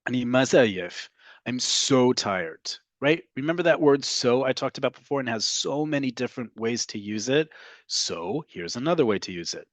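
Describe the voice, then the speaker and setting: A man teaching a casual online language lesson. He explains at length, checks in with "right?" all the time, and slows down to model phrases. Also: mid-range voice, no room sound.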